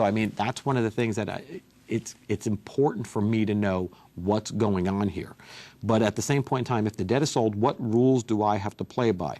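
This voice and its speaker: A man, a consumer law attorney, explaining a legal question to viewers in a conversational way and walking through examples. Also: on the low side. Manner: conversational, walks through examples, addresses folks.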